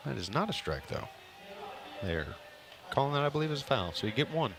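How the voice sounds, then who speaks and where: A man's voice: medium pitch, very animated, brisk, noisy background. A man calling a casual kickball game as play-by-play commentator, chatty and joking with his partner.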